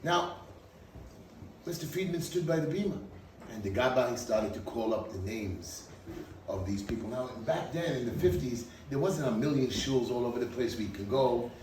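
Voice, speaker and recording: A man giving a speech at a party, telling a dramatic story with an animated delivery. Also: mid-range voice, normal speed, background noise. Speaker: speaker at a party. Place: event hall. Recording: echoey hall, mic from far off.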